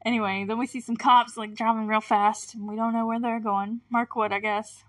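A woman's voice: a little high, little pitch movement, a little fast. A woman hosting a podcast, recapping a TV episode in a casual, chatty way with lots of fillers and frequent laughs between remarks. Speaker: podcast host.

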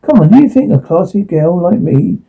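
A man's voice: high voice, lively intonation, normal speed, gravelly. A man reading the part of a young woman coolly turning down a lad, curt and dismissive. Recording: tinny phone-like line.

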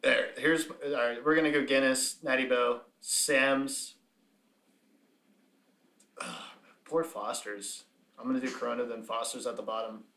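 A man's voice: mid-range voice, steady tone, a little slow, creaky, pauses often, bright, forceful tone, roomy sound. A man hosting a casual chat, rambling and laughing often.

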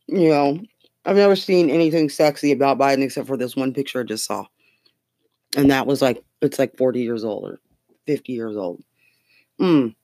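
A podcast host rambles through political gossip in a loose, profane way and breaks into laughter often. The voice sits at a middling pitch and is recorded close and dry, with no room sound. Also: normal speed, long pauses, darkish tone, no echo. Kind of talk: casual political chat.

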